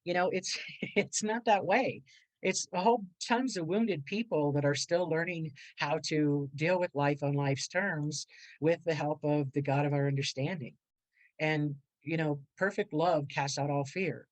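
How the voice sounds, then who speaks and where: Animated older woman telling her story. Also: sits low, measured pace, no room sound, rough recording. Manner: lively, acts out quoted voices, laughs often. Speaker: guest speaker.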